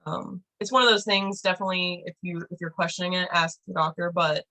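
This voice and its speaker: A woman's voice: on the low side, steady tone, brisk, pushed and bright, rough recording. A woman leading a team training over a video call, chatty and rambling with lots of fillers.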